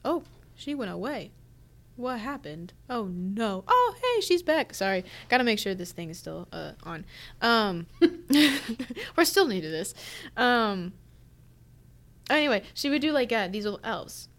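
A woman's voice: fairly high pitch, very animated, measured pace, a bit bright. A woman in her twenties co-hosting a podcast, telling rambling stories in casual chat, full of fillers and restarts. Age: 20s. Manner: rambling, sidetracked storytelling with frequent fillers and laughter. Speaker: podcast co-host.

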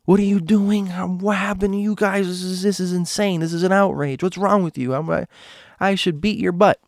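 A man doing a shrill scolding mother. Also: steady tone, a little fast, no echo, clean studio sound. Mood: outraged. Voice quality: high, strained and shouting. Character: angry middle-aged mother, shrill and scolding.

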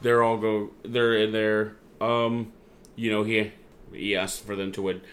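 A man in casual chat, excitedly recapping events with a co-host and acting out what others said. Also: lowish voice, a little slow. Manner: excitable storyteller, acts out quotes. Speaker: podcast co-host.

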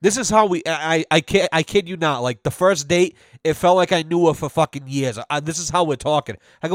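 A young man rants on his podcast with a slightly high voice, swearing freely and acting out the people in his stories. The sound is dry and close, with no room around it. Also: brisk, hardly any pauses, no room sound. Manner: profane, animated storytelling with quoted voices. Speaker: podcast host. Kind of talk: casual ranting monologue.

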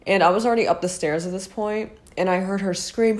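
A woman's voice: medium pitch, steady tone, a little fast. A young woman with a fading voice telling a personal story to her viewers in a rambling, chatty way, full of fillers and asides. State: losing her voice. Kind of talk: casual storytime monologue.

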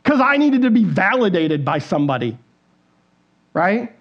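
A pastor with a high, gravelly voice and big swings in pitch preaches at a moderate pace on a church stage, captured in a muffled recording. His sermon is conversational, with questions for the congregation and acted-out inner voices.

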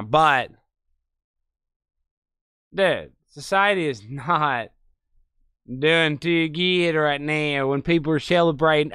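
A man hosting an online show, commenting sarcastically on news clips in a loose, animated way. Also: fairly high pitch, unhurried, smooth, dry recording, clean studio sound. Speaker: host.

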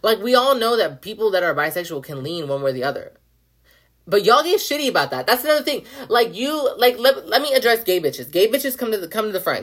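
Young woman podcast host, lowish voice, emphatic casual rant, repeats herself, swears freely. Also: fairly bright tone. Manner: blunt, profane, emphatic; repeats phrases, many "like" fillers.

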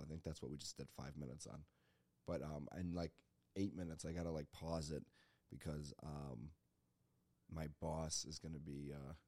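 A man's voice: low voice, dark tone, no room sound. Rambling, self-mocking male podcast host. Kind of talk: casual solo podcast monologue.

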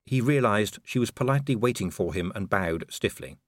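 Male audiobook narrator, wry, expressive, lively pitch. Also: brisk, no echo, clean studio sound. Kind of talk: scripted narration.

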